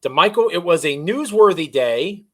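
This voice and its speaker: A man's voice: fairly high pitch, expressive, normal speed. A man co-hosting a sports podcast, chatty and self-deprecating as he runs through the show's intro and the news. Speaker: podcast co-host.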